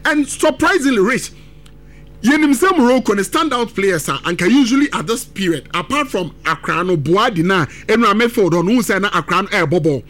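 A man breaks down a football match as a pundit, his voice pitched high and swinging up and down with lively emphasis. He talks emphatically, switching between languages mid-sentence. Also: a little fast. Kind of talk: sports analysis on radio talk show, mixing Twi and English.

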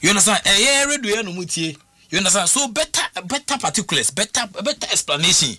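Man, talk radio commentary, very bright voice, slightly high pitch, animated. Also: quick pace, no echo. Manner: animated, code-switching, repeats "you understand?".

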